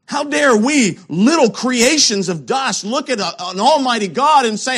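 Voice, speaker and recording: A man preaching with a notably high voice. He leans hard on key words and asks pointed rhetorical questions. He drops to hushed lows before rising again. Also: expressive, a little slow, breathy edge. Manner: emphatic, rhetorical questions, swings between loud and hushed. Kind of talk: sermon.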